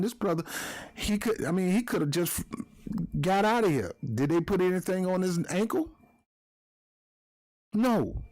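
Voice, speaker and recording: A man hosting his own commentary video, talking in an emotional, fired-up rant. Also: high voice.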